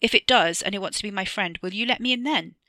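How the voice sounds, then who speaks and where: A woman's voice: medium pitch, fast talker, bright, forceful tone, no room sound, studio quality. A woman reading a short story aloud, voicing a scared but defiant ten-year-old boy who gives short, defensive answers.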